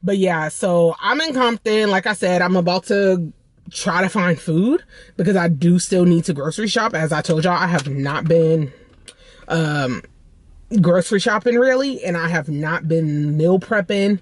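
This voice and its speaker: A woman's voice: fairly low pitch, unhurried. A woman vlogging casually from her car into a phone, chatty and rambling, calling her viewers y'all. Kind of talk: casual vlog chat.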